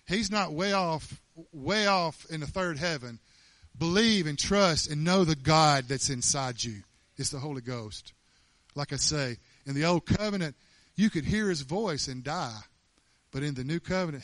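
High-voiced man preaching a lively sermon. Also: dry recording. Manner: animated, emphatic, laughing often.

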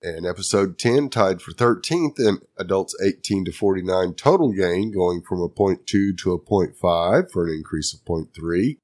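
Very deep-voiced man reading ratings. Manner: steady, brief agreeing replies. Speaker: podcast co-host. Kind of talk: casual chat, reading ratings figures.

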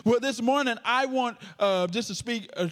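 A man's voice: very high-pitched, normal speed, fairly bright tone. A man preaching a sermon with a stutter, joking playfully with the congregation. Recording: long hall reverb.

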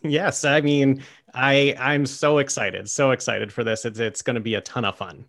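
A man's voice: mid-range voice, level tone, normal speed, creaky, fairly bright tone. A man guesting on a casual podcast, eager and upbeat.

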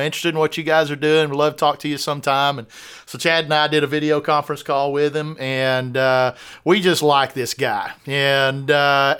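A man hosting a podcast in a loose, joking chat, with a bright, forceful tone and a very clean, crisp voice pitched a touch high. He rambles along, leaning on "uh" between thoughts. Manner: joking, rambling with many "uh" fillers. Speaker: podcast co-host.

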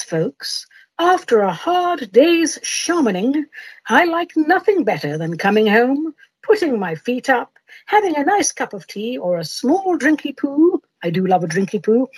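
A woman's voice: high-pitched, breathy edge, dry recording. A woman hosting a podcast, chatting playfully and reading her own silly poetry aloud in a self-mocking way. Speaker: podcast host. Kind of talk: casual chat and comic poetry reading.

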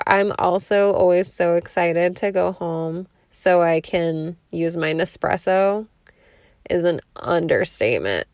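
A woman's voice: lowish voice, no echo, studio quality. A woman hosting a casual solo podcast, chatty and rambling with frequent laughs, recorded in her parked car. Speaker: podcast host.

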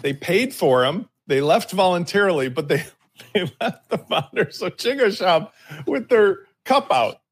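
Panel co-host, male, slightly high husky voice, forceful and opinionated. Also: animated, unhurried. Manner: opinionated, emphatic, drags out key words. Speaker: podcast co-host. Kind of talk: casual panel discussion.

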